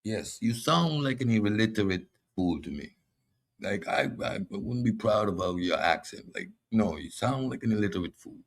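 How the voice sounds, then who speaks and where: Husky, lively Caribbean man lecturing. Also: on the low side, normal speed. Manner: boastful, mocking, addresses audience as y'all. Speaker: host. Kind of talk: combative philosophy monologue.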